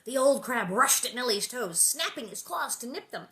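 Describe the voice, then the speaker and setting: Animated woman reading a storybook aloud. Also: fairly high pitch, normal speed. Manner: chatty, animated and amused. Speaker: host reading a children's book aloud. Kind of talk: read-aloud storytelling with casual asides.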